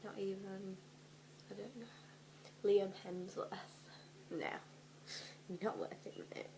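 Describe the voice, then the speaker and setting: A young woman doing a comedic dramatic reading, animated and sweary, often dropping into whispers for her asides. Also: medium pitch, slow, slight background noise, low-quality recording. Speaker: vlogger.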